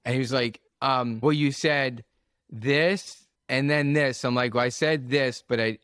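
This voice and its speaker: A man who coaches, speaking as a podcast guest at a mid pitch. He tells stories in an animated way and acts out what people said. The recording is dry and close. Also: measured pace, clean tone, dry recording. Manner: storytelling, animated, acts out quotes. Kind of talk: casual podcast conversation.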